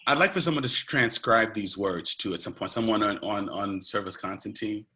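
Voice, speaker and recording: A man's voice: lowish voice, a little fast, sharp tone. A man giving an earnest, conversational online presentation, talking directly to a large audience and emphasizing key points.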